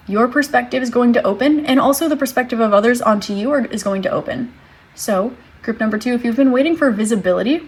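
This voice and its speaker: A woman with a slightly high, breathy voice gives a tarot reading straight to her viewers. She talks in a gentle, reassuring way and muses aloud as she pulls each card. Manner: gentle, reassuring, thinks aloud while drawing cards. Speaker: tarot reader.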